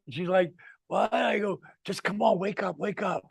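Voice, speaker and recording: A man's voice: high-pitched, normal speed, creaky, husky, dry recording. A man in his sixties telling a wrestling-road story in a casual chat, acting out the people he quotes and swearing freely. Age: 60s. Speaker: retired wrestler telling stories.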